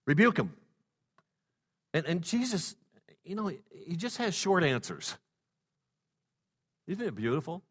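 A male pastor preaching a sermon, swinging from loud exhortation to hushed softness and stacking rhetorical questions. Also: a little high, very animated, measured pace, long pauses, breathy edge. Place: church sanctuary. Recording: long reverb in a church hall.

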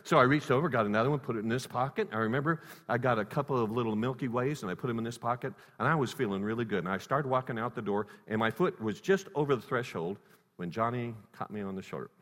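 Bright-voiced preacher man in a reverberant hall. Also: mid-range voice, quick pace. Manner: storytelling, sharp swings between loud and hushed. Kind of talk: sermon with a personal story.

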